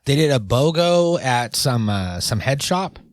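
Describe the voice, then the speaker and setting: A man's voice: mid-range voice, big pitch swings, a little slow, no echo, studio quality. A man co-hosting a podcast in casual chat, rambling and joking with lots of fillers. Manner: rambling, jokey, full of fillers. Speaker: podcast co-host.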